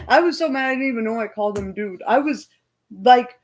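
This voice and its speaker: A woman hosting a livestream, loudly and heatedly retelling an argument in casual talk. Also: on the high side, normal speed, slight background noise, rough recording. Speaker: livestream host.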